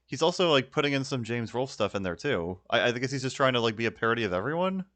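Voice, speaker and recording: A man's voice: mid-range voice, expressive, quick pace, a bit bright. A man streaming his casual reaction to a video, stammering, swearing and laughing often.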